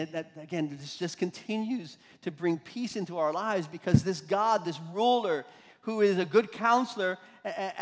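A pastor preaching a sermon, swinging from loud emphasis to hushed, soft lines. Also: male voice, high-pitched, in a large hall.

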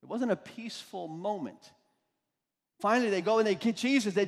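A pastor preaching a sermon, swinging from loud emphasis to hushed, soft lines. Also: male voice, high-pitched, brisk, big-room sound.

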